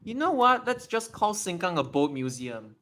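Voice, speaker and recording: Animated streamer thinking aloud. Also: mid-range voice, normal speed. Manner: excitable, thinks aloud while typing. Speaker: livestreamer. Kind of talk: casual livestream Q&A.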